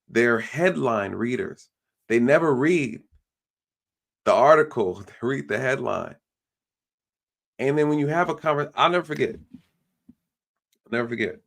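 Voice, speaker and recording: A man's voice: medium pitch, gravelly. A man hosting a live stream, talking bluntly in a ranting way and mimicking the people he quotes. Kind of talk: casual opinion talk.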